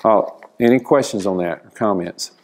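A man teaching a church Bible class, explaining slowly and asking the class questions. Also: on the low side, darkish tone.

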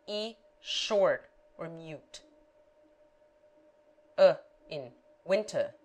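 Very slow, deliberate woman teacher. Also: on the low side, lively intonation. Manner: deliberate, spelling out letters and example words one at a time. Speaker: language teacher. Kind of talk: slow read-aloud language lesson.

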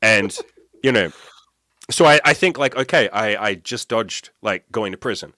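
A man's voice: fairly low pitch, animated, moderate pace, sharp tone, dry recording, clean studio sound. A man on a podcast as a guest, telling a candid, profane personal story and acting out his own past thoughts. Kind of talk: casual storytelling.

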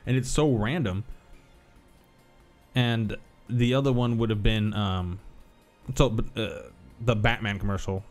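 A man's voice: fairly low pitch, fairly even intonation, slow, pauses often. A man in his thirties streaming a video game, telling rambling stories and swearing casually. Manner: rambling storyteller, swears, laughs easily. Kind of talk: casual gaming commentary. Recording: faint music behind.

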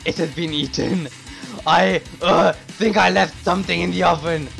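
A man voicing a pompous rival chef who boasts loudly in broken English. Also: sits high, steady tone, normal speed, vocal fry, soft background music, pitched above the performer's own voice, exaggerated voice, poor audio. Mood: haughty. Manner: loud, haughty, broken English.

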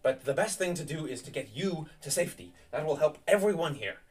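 A man's voice: fairly high pitch, expressive, fairly quick, far from the mic, voice pushed up, close to an everyday voice. A man voicing an anxious, protective young nobleman who urgently commands everyone to leave in a tabletop game.

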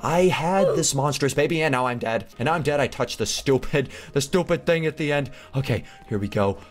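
A young man giving excitable, chatty Let's Play commentary with frequent gasps and mock-posh asides. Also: medium pitch, a little fast. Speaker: gaming YouTuber. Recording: faint background music.

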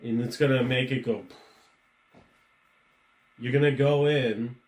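Slow-talking man spinning goofy hypotheticals. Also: medium pitch, steady tone. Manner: spins goofy hypotheticals, laughs often. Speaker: podcast co-host. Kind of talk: casual chat. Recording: echoey room.

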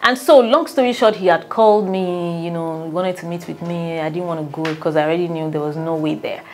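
A Nigerian woman, a relationship coach, telling a personal story in an animated way and often breaking into laughter. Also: lowish voice, brisk.

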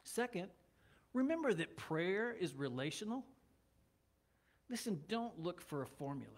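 Male pastor with a high-pitched voice, conversational sermon with light humor. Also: big pitch swings, measured pace. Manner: conversational, joking asides. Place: church.

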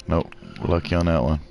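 A man's voice: low voice, darkish tone. A man casually commenting on his gameplay in a laid-back way, muttering little sound effects to himself as he plays. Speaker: let's play gamer.

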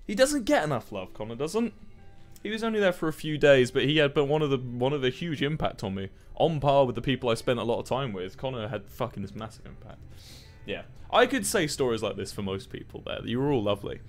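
A young man chatting casually to his stream viewers, telling stories in a rambling, animated way with plenty of swearing. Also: mid-range voice, a little fast, faint music behind.

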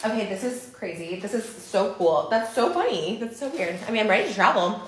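A woman's voice: mid-range voice, brisk. Woman squealing over an unboxing, voice jumping all over, echoey room with a bit of hiss. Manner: gasping, gushing, squealing with excitement. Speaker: vlogger. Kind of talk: excited unboxing vlog. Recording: echoey room, faint noise.

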